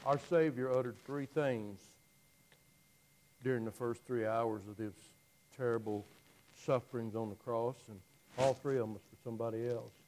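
A man preaching a dramatic storytelling sermon, swinging from loud declaiming to hushed, near-whispered lines. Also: medium pitch, fairly even intonation, a little hiss or hum, poor audio. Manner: slow, drawn-out phrasing with long pauses.

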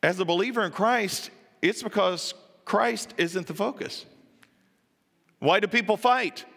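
A male pastor preaching with a bright, forceful, somewhat high voice. He tells the story in a lively way, acting out each voice and rising to emphatic peaks. The sound carries a long reverb, as in a church hall. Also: a little slow, creaky. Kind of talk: sermon.

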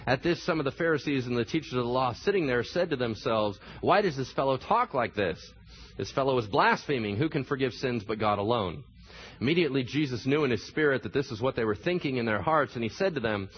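A man's voice: medium pitch, highs cut off, a little hiss or hum. A man preaching a sermon, telling the story with animation and acting out the voices of the people in it. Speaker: pastor.

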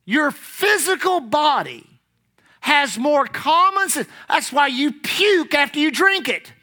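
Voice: high voice, sing-song, sharp tone. A preacher delivering a sermon, reading scripture aloud and putting rhetorical questions to the congregation. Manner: reads scripture aloud, then explains it; emphatic, drawn-out stresses on key words.

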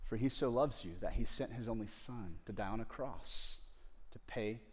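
A man preaching a sermon to a congregation, speaking to the mothers directly, dropping to tender near-whispers and rising to loud pleading. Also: fairly low pitch, normal speed, husky. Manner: swings from hushed tender asides to loud pleading; addresses the audience directly. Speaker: pastor. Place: church service before a congregation.

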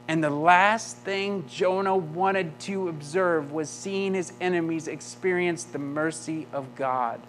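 A man's voice: a little high, takes it slowly, hardly any pauses, a bit bright, soft background music. A male pastor preaching a sermon, emphatic, often asking the congregation rhetorical questions.

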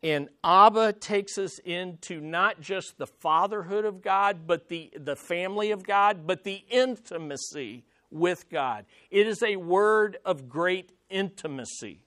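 A man's voice: high-pitched, a little slow, hardly any pauses, a bit bright, dry recording, clean studio sound. A man preaching a sermon as a pastor, earnest and emphatic, leaning hard on key words.

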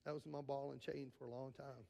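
A man preaching a sermon in an earnest style, moving between raised, urgent lines and hushed, quiet ones, and often repeating words when he presses a point. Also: mid-range voice, level tone, brisk, creaky. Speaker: pastor.

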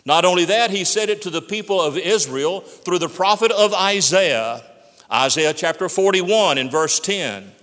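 A man's voice: high voice, animated, moderate pace, a bit bright. Emphatic male preacher in a reverberant hall. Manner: emphatic, repeating phrases for emphasis. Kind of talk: sermon.

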